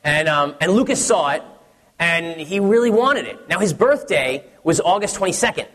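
A man's voice: fairly high pitch, lively intonation, normal speed, fairly bright tone, in a large hall. A man, a pastor in his thirties, preaching a sermon in a conversational, story-telling way with many restarts.

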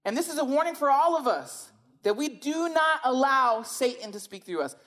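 A woman's voice: sits high, lively intonation, moderate pace, a bit bright. A woman preaching a sermon in a conversational, emphatic way, often asking rhetorical questions.

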